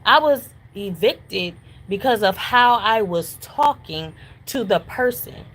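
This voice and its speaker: A woman's voice: mid-range voice, expressive, slow pace, fairly bright tone, rough recording. Emotional, insistent woman in her thirties. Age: 30s. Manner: insistent, repetitive, confrontational. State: near tears. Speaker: homeless mother speaking out. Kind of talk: emotional personal testimony.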